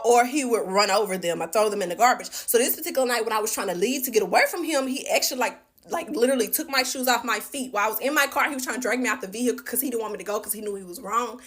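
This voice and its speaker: A woman telling a personal story to her viewers in an animated, chatty way. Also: on the high side. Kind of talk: casual storytime vlog.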